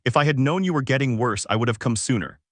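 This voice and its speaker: A man voicing a devoted young woman speaking to her father, in a flat reading voice on a close, dry mic. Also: mid-range voice, fast, dry recording, close to an everyday voice. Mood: earnest.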